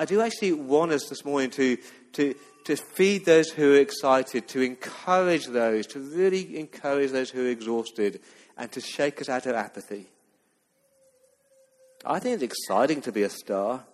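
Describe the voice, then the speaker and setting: A man of middle pitch preaches a Sunday sermon with earnest emphasis. He reads scripture aloud and presses his points home. His voice carries a long reverb from the hall. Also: lively intonation, moderate pace. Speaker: pastor. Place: church.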